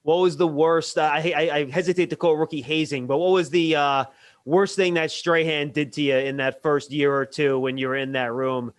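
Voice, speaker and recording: Man hosting a relaxed sports interview. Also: fairly high pitch, normal speed. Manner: conversational, asks long rambling questions. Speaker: interviewer, host. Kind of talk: casual interview.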